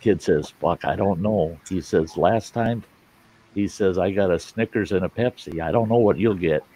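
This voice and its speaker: A man's voice: low-pitched, moderate pace, background noise. A man hosting a casual livestream chat, telling a long joke in a folksy, plain-spoken way with some cursing. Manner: folksy, drawling storyteller with mild cursing. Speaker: host.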